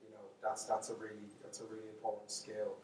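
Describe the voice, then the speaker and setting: A man's voice: on the low side, completely flat delivery, fast talker, darkish tone, slight background noise. Man, Dublin Irish accent, storyteller, rambling jokey asides, very echoey hall, distant mic. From Ireland. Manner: chatty, joking and self-mocking, many asides and restarts. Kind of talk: storytelling lecture to a live audience. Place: lecture hall.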